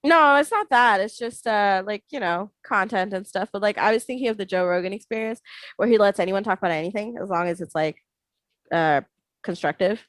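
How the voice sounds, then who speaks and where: A chatty woman co-hosting a podcast, rambling along and breaking into giggles and goofy noises. Her voice sits at an ordinary middle pitch. The sound is close and dry, with no room around it. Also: a little fast, dry recording, rough recording. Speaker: podcast co-host. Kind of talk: casual chat.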